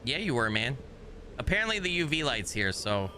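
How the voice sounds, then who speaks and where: A man streaming a horror game live, chatting with his viewers and swearing often, sometimes yelling in a high mock panic. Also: very animated, normal speed, noisy background. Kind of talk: live gameplay commentary.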